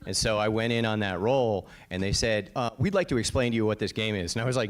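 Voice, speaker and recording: On a panel, a Connecticut-born voice actor shares stories bluntly and emphatically, with occasional swearing and frequent "right?" checks. His fairly low voice runs fast with few pauses, and a crowd can be heard behind him.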